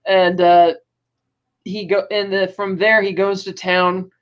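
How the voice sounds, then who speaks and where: A woman co-hosting a podcast, casually recapping a TV episode in detail with many fillers and quick asides. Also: mid-range voice, level tone. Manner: retells scenes in detail, acting out characters' lines with filler words. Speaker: podcast co-host. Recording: dull lo-fi audio.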